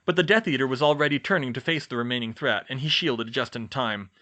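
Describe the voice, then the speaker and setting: A man narrating a fan fiction audiobook in a lively, expressive reading. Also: mid-range voice, fast talker. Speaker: audiobook reader.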